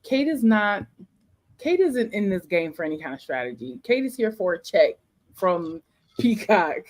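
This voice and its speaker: Opinionated woman with a lively voice. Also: mid-range voice, moderate pace. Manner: emphatic, opinionated. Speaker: podcast co-host. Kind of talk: casual chat.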